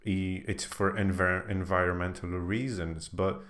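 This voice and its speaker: A man's voice: low-pitched, flat delivery, measured pace, a bit bright. A man co-hosting a podcast, chatting casually and arguing in a teasing way. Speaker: podcast co-host. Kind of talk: casual chat.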